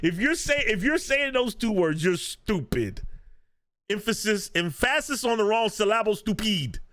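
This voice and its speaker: High bright-voiced guy ranting on a podcast, laughs a lot, real animated. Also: a little slow. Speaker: podcast co-host. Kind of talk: casual podcast chat. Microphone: video podcast mic.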